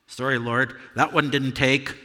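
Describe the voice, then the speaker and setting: A man's voice: mid-range voice, bright, forceful tone, long reverb tail. Peter, a man playing a remorseful apostle. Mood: wry. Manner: earnest, confessional, halting with repeated words. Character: Apostle Peter, a remorseful fisherman recounting his denial. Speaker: dramatic monologue performer at a church service. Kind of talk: first-person dramatic monologue. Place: church sanctuary.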